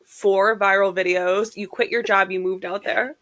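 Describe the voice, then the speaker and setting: A woman's voice: mid-range voice, steady tone, normal speed, fairly bright tone. A woman co-hosting a podcast, teasing her guest playfully in casual chat.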